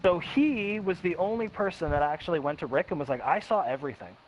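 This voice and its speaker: A man's voice: high-pitched, animated. A young man telling a personal story in a blunt, casual way, swearing heavily and acting out quotes. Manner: blunt, heavy swearing, quick quoted voices, restarts. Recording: dull lo-fi with faint hiss.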